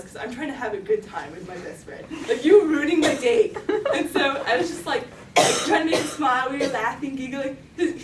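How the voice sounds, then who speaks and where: A woman's voice: fairly high pitch, noisy background. A teenage girl telling a story on stage, giggling often and filling her talk with "like". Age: teens. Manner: giggly, lots of "like". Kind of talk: live storytelling. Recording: roomy, distant mic, faint ambience.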